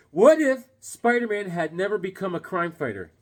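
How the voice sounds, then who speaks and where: A man chatting casually as he unboxes comics, excitable and gushing, cracking jokes as he goes. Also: high voice, moderate pace, hardly any pauses. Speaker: comic collector vlogger.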